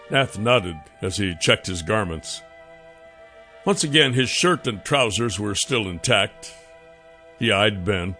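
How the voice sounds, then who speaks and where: A man narrating a fantasy audiobook in a measured, expressive storytelling manner. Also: fairly low pitch, soft background music.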